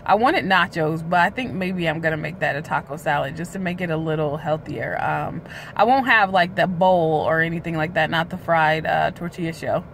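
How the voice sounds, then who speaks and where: A woman talks straight to her phone camera in a casual, candid vlog, with plenty of drawn-out filler sounds. She sits in a parked car, and faint traffic noise drifts in behind her. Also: deep voice, vocal fry, a bit bright. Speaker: weight-loss vlogger. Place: parked car outside a hospital.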